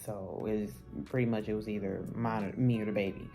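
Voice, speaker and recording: A woman's voice: extremely low pitch, steady tone, a little fast, music in the background. A woman vlogger telling a personal story in a candid, casual, conversational way, with many fillers and restarts.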